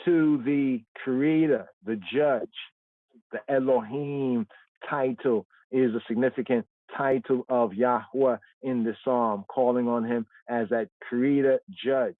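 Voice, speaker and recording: A man's voice: medium pitch, steady tone, slow, no room sound. Man teaching scripture over a tinny line. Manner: explanatory, repeats words and says "right?" often. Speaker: Bible study teacher. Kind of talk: livestream scripture study. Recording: tinny phone-like line, dry.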